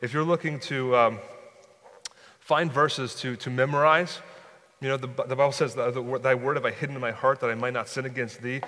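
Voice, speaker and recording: A man's voice: mid-range voice, steady tone, brisk, fairly bright tone. A man preaching a sermon as pastor, conversational and prone to restarting and repeating words. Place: church sanctuary. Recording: long hall reverb.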